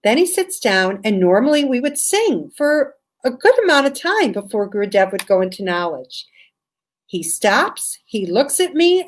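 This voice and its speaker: An American woman telling a personal story in an animated way, acting out the voices of the people she quotes. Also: mid-range voice. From USA. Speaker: storyteller guest.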